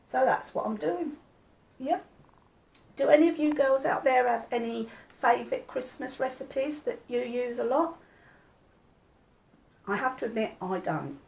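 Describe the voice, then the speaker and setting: A woman's voice: sits high, measured pace, gravelly, long pauses, darkish tone, rough recording. An older woman, chatting casually to her viewers, homely and rambling. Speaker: vlogger. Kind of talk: casual chat.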